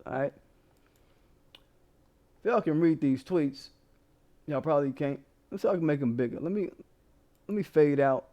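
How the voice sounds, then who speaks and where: A man hosting a casual commentary show, telling a story in a profane, animated way and laughing as he goes. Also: medium pitch.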